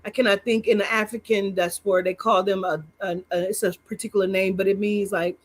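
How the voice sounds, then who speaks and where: A woman co-hosting a podcast, chatting casually with loud laughter and plenty of swearing. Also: mid-range voice, fairly even intonation, brisk. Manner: loud, profane, bursts into laughter. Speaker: podcast co-host. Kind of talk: casual chat.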